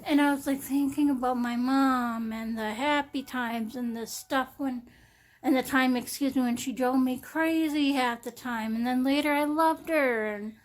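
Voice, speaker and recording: Young woman, casual phone vlog, slightly high voice, rambling with lots of restarts. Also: fairly even intonation. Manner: rambling, halting, many fillers and restarts. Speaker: vlogger. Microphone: smartphone.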